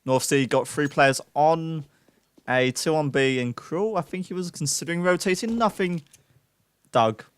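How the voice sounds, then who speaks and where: A young man giving live play-by-play esports commentary, excitable, with self-mocking asides to chat. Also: on the high side, moderate pace, smooth, no echo. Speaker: esports caster.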